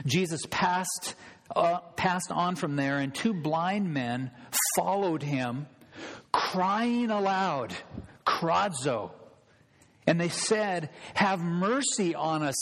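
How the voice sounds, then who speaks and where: A man preaching a sermon as pastor, earnest, praying softly and then rising into bursts of shouting for emphasis. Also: fairly high pitch, big-room sound.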